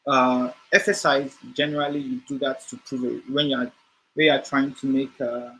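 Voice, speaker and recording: A man's voice: mid-range voice, little pitch movement, normal speed, bright, forceful tone, a little hiss or hum, poor audio. A man teaching a screen-share coding lesson, talking it through off the cuff with frequent fillers and restarts. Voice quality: hesitant, many fillers and restarts while explaining. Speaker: coding instructor.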